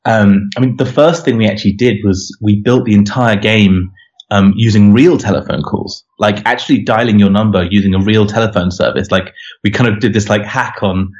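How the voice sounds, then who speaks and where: A man's voice: on the low side, fairly even intonation, normal speed, a little mellow, highs cut off. A man being interviewed as a game developer, talking casually and rambling with lots of "you know" and restarts.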